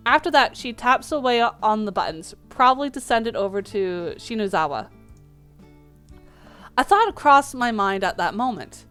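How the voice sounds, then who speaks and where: A woman's voice: a little high, a bit bright, clean tone. Woman reading a dating game aloud. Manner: reads lines with small slips and restarts.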